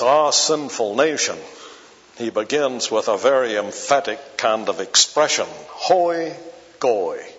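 A man preaching an expository sermon, reading scripture aloud in King James wording and explaining it at a measured pace. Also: mid-range voice, a bit bright. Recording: dull lo-fi recording in a reverberant hall.

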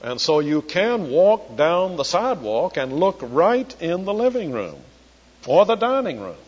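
An older preacher from Charleston delivers an expository sermon, slowing down to read scripture. His voice is husky and on the high side. The recording is dull and lo-fi, with a long hall echo. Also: very animated. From Charleston, South Carolina. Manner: slows down to quote scripture, teacherly.

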